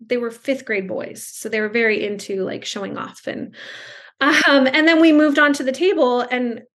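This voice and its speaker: A chatty woman guest on a video call, speaking a little high, full of fillers and restarts, slipping into voices when she quotes people. her pace wanders in a loose, storytelling way. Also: moderate pace, a bit bright. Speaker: speech-language pathologist and guest. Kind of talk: casual conversational storytelling.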